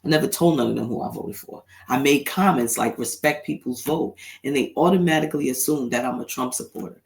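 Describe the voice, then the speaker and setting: A man's voice: medium pitch, quick pace, gravelly. A man hosting a solo commentary show, talking bluntly and heatedly and swearing freely. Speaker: podcast host.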